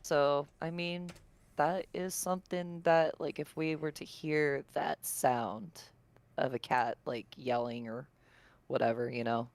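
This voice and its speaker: A co-host in a casual podcast chat, smooth and clean in tone, at a middle pitch. They speak hesitantly, restarting and filling gaps with "like". The recording is close and dry. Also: fairly even intonation, takes it slowly, dry recording. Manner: hesitant, fills with "like".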